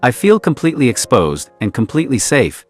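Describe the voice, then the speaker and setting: A man's voice: mid-range voice, wildly swooping pitch, fairly quick, no echo, soft background music. A man voicing a vulnerable young man who swears often and speaks with earnest emotion. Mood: tender.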